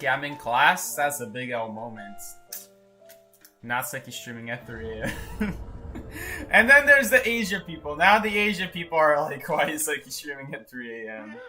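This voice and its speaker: Young male game streamer, chatty and jokey, animated and bright. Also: fairly high pitch. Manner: chatty and joking, reads chat aloud. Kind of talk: casual gaming stream commentary.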